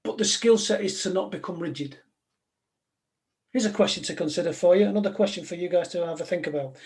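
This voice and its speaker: A man's voice: sits high, quick pace, a little mellow. Direct man giving a talk. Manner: direct, anecdotal, conversational. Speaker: speaker, former police negotiator. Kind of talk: live motivational talk to an audience.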